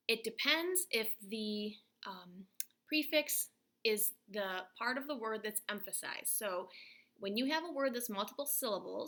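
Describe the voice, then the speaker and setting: Bright-voiced woman teaching phonics. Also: on the high side. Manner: patient, slow letter-by-letter explaining. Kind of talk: recorded phonics lesson.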